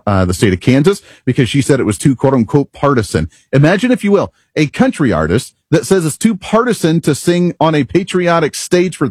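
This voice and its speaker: A talk radio host man with a slightly husky voice pitched a bit high, delivering his monologue in an animated, opinionated way. He works through rhetorical questions and asides. The studio sound is close and dry. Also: dry recording.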